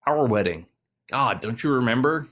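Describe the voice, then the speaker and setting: A man's voice: mid-range voice, expressive, moderate pace, a bit bright. An American man hosting a podcast in casual, laid-back banter, swearing freely and trailing off with ums. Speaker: podcast host.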